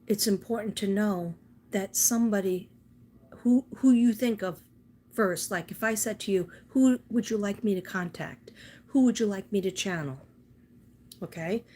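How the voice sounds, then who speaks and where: A woman's voice: medium pitch, darkish tone. A woman giving a casual psychic card reading in a chatty, homespun way, rambling with small asides. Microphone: phone camera.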